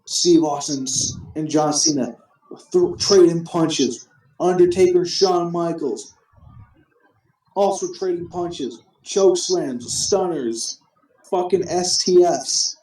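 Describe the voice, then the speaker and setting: A man with a slightly high but mellow voice rambles through a casual recap, starting his sentences over and swearing freely. The room around him echoes. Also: slow pace. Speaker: host recapping a simulated wrestling show. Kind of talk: casual profane recap chat.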